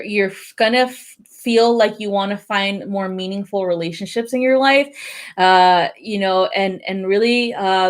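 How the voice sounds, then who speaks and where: A woman's voice: medium pitch, fairly bright tone. A young woman hosting a live tarot stream, chatting casually, laughing often and swearing now and then.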